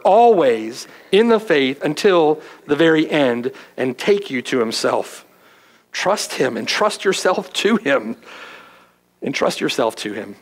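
A man preaching an expository sermon as pastor, emphatic and often asking "right?", then praying in a hushed, slow voice. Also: medium pitch, rough recording. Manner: hushed, slow in closing prayer.

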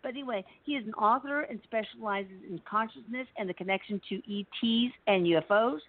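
A woman's voice: a little high, brisk. A woman hosting a show, introducing her guest in a gushing, chatty and playful way. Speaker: show host. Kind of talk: enthusiastic casual introduction. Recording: dry, tinny phone-like line.

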